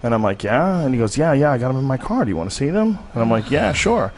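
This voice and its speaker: A man's voice: medium pitch, sing-song, racing, darkish tone, a little hiss or hum. A man from the United States telling personal stories on a casual podcast, candid and profane with a rambling delivery. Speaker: podcast host. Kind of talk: casual storytelling.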